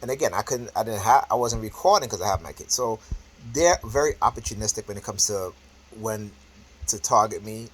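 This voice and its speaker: A man's voice: lowish voice, fairly quick, fairly bright tone, husky, low-quality recording. A man vlogging in a casual talk to camera, emphatic and repetitive, checking in often with "right?" and "okay?" and correcting himself as he goes. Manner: restarts and self-corrections, talking off the cuff.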